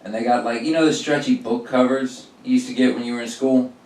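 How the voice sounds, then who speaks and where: A young adult man doing profane, animated stand-up storytelling and acting out the people in his stories. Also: mid-range voice, fast. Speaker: stand-up comedian. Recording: roomy sound from a distance.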